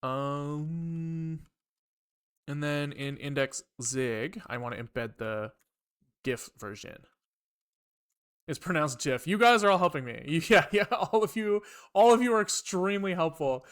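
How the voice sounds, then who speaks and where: A man with a fairly high voice talks casually while he codes on a live stream. He thinks aloud, rambles, swears freely and tosses dry asides to his viewers. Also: lively intonation, measured pace, a bit bright, clean tone. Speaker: programming livestreamer. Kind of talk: casual live coding talk.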